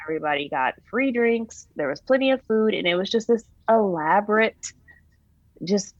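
A woman's voice: mid-range voice, normal speed, no echo. Young woman telling her story, dull lo-fi sound. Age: young adult. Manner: animated retelling, voices her own past words. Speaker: interviewee. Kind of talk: recounting a personal story.

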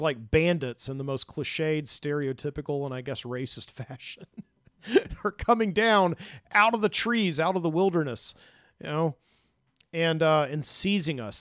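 A man hosts a late-night studio show and recounts a dream in a loose, casual storytelling manner. His voice sits a little high and his talk is full of fillers and restarts. The studio recording is close and dry. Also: a bit bright, no room sound. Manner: rambling, many fillers and restarts. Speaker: podcast host. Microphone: studio microphone.

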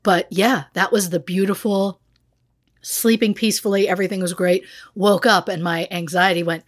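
Woman cohost just chatting, self-mocking about her anxiety, mid pitch, laughs a lot. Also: fairly even intonation, normal speed. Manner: self-mocking, anxious humor with frequent laughs. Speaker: podcast co-host. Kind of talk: casual chat.

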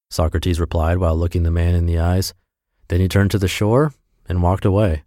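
Low dry-voiced male podcast narrator. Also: level tone, brisk, dark tone, no echo. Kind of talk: reading a blog post aloud.

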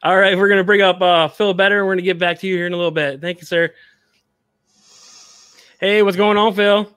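A man's voice: high voice, steady tone, brisk, fairly bright tone, smooth, dry recording. A man hosting a casual movie podcast, laughing often and using many "uh" fillers. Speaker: podcast host. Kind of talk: casual movie review chat.

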